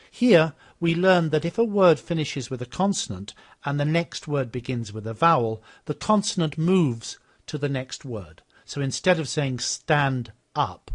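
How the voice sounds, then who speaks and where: Man, mid-pitched voice, calm explanatory software demo narration. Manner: explanatory, steady, repeats model phrases after the clips. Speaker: software demonstrator.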